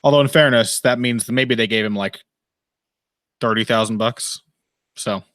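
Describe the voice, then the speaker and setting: A man's voice: mid-range voice, moderate pace, fairly bright tone, no room sound. A man hosting a casual live fight commentary stream, rambling and wry, swearing freely and laughing often. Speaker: podcast host. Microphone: headphones and desk mic.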